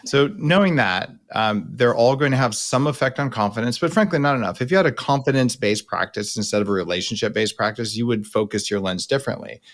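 A man's voice: mid-range voice, fast, few pauses. A middle-aged man hosting a podcast, coaching his guest and explaining at length in a blunt, casual way. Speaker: podcast host. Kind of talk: coaching conversation.

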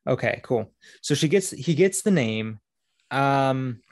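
A man co-hosting a casual chat, joking and relaxed. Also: medium pitch, takes it slowly, dry recording. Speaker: podcast co-host.

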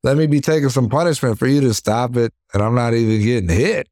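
A young adult man, a professional boxer, telling stories from the ring in a relaxed interview, acting out punches with sound words. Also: medium pitch, quick pace, no echo, studio quality. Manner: animated storyteller, acts out punches with sound words; leans on "you know what I mean". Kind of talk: casual interview storytelling.

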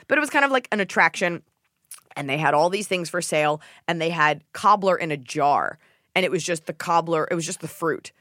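A woman hosting a podcast, telling stories in a casual comedic chat, swearing and mimicking people in a shrill voice. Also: fairly quick, no room sound, clean studio sound. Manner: animated storytelling, swears freely, mimics others in a shrill voice. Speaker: podcast host.

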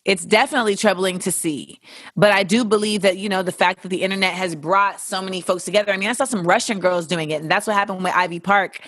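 A woman's voice: mid-range voice, fast talker, fairly bright tone, no echo. Blunt, profane woman podcast host. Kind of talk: casual podcast monologue answering listener questions.

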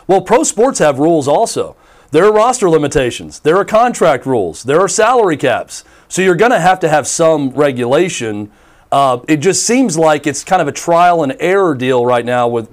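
A man co-hosting a casual radio talk show, stumbling at the start of his sentences before laying out his opinion. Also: a little high. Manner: stammering starts, then steady opinion. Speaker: radio co-host.

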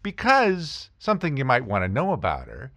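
A man's voice: medium pitch, moderate pace, no echo. A man telling a funny personal story in casual talk, acting out the voices of the people in it. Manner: animated, acts out voices of people in his stories. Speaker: podcast host telling stories.

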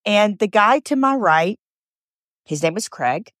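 A woman's voice: medium pitch, expressive, a little slow, a bit bright, dry recording. Earnest woman podcast host, dry sound. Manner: earnest, repeats phrases for emphasis; chatty, personal anecdote telling. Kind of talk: motivational podcast storytelling.

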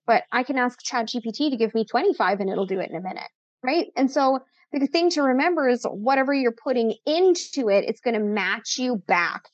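A woman's voice: on the high side, no echo. Chatty upbeat woman, slightly muffled. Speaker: podcast guest, content coach. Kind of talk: casual interview chat.

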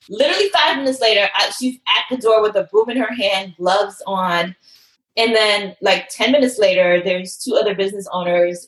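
Animated woman with a roomy echo. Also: medium pitch. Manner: emotional storytelling, animated quoted voices. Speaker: fitness studio owner. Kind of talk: interview conversation.

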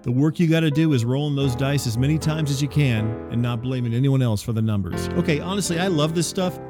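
A man with a mid-range voice delivers a rambling comic monologue with wry asides. His tone stays dry and deadpan throughout. Faint music sits under him. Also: mid-range voice, fast. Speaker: host.

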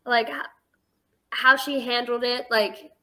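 Bright-voiced eighteen-year-old woman. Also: fairly high pitch, fairly even intonation, slow pace. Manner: chatty, fills speech with "like". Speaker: guest. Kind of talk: casual storytelling.

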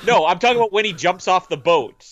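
A man's voice: sits high, lively intonation, brisk, fairly bright tone, dry recording. A man co-hosting a podcast, chatting casually and joking over a film commentary. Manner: laughing, jokey. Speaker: podcast co-host. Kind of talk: casual movie commentary chat.

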